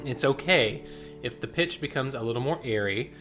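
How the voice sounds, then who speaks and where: Male choir director, mid-pitched, coaching a vocal warm-up, faint piano behind. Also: animated, normal speed. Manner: coaching and demonstrating vocal exercises.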